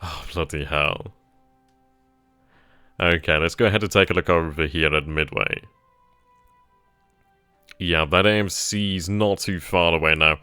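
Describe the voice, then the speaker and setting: A low-pitched man talks through his moves in a war strategy game, pausing and restarting as he thinks, then erupting with delight when things go his way. His voice has a bright, forceful edge, recorded dry and close, with faint music underneath. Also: clean tone, no room sound. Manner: thinks aloud, bursts into giddy excitement. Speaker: let's play gamer.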